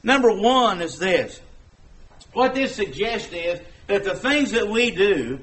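Man preaching, high-pitched voice, folksy and conversational. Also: very animated, takes it slowly, a bit bright. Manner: folksy, conversational, acts out quoted dialogue. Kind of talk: sermon.

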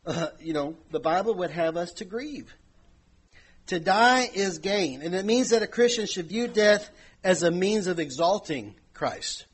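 Husky preacher, conversational sermon. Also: male voice, high-pitched, lively intonation, moderate pace. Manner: conversational preaching with many "you know" asides, swelling and dropping in volume.

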